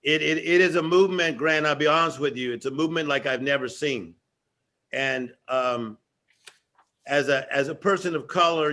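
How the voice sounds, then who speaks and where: A man as guest giving an energetic motivational talk with a preacher-like rhythm and emphatic repetition. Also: medium pitch. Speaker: guest speaker.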